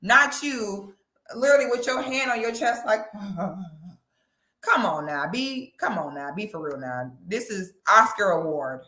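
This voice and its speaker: Sassy woman commentator, bright voice, echoey room. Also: mid-range voice, normal speed. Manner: sassy, animated, breaks into loud laughing shrieks. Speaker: commentary vlogger. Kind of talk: casual reaction commentary.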